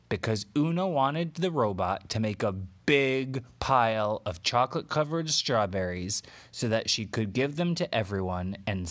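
Slow, gentle man telling a bedtime story. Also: lowish voice. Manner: slow, gentle, with pauses and fillers.

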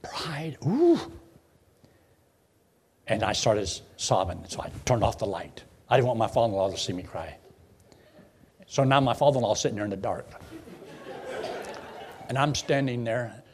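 A man, a preacher telling his conversion story in a folksy way, swinging from loud bursts to hushed lows. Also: fairly quick, long pauses, slight background noise. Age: 70s. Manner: folksy storytelling with sudden emotional swells and hushed drops. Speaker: preacher giving his testimony. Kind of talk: sermon testimony.

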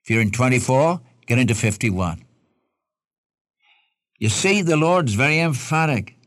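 A man's voice: medium pitch, expressive, a little slow, a bit bright, no echo, clean studio sound. A man preaching a radio Bible study sermon, emphatic and pleading as he quotes scripture.

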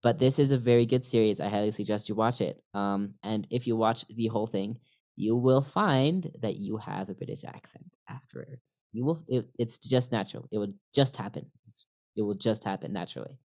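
A man's voice: lowish voice, a little fast, a little mellow. Upbeat American man repeating himself. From United States. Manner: upbeat, repeats phrases to coach the listener. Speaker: guest. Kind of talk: casual conversation.

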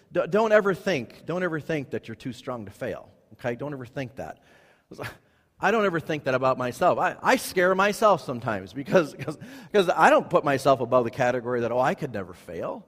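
A male pastor preaching to his church, emphatic, repeating phrases, with sudden rises in pitch and volume. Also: sing-song, brisk. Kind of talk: sermon. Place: church sanctuary. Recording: long hall reverb.

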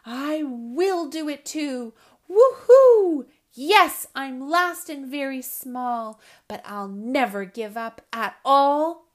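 A woman's voice: extremely high pitch, extremely slow, few pauses, voice pushed up, heavily acted. A woman voicing a tiny, determined little male owlet in a storybook, chirpy and eager. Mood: triumphant. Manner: chirpy, eager, shouting with excitement. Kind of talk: storybook reading.

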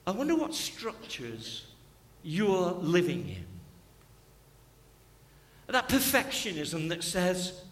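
A man's voice: high voice, sing-song, slow pace, long pauses. A man preaching a sermon in a church, impassioned and repeating key phrases. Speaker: pastor. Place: church sanctuary. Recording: long church hall reverb.

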